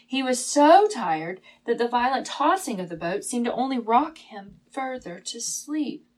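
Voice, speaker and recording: A woman teaching a Bible lesson as a sermon, telling the story dramatically, at times hushed and at times emphatic. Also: on the high side, sing-song, a little slow, low-quality recording.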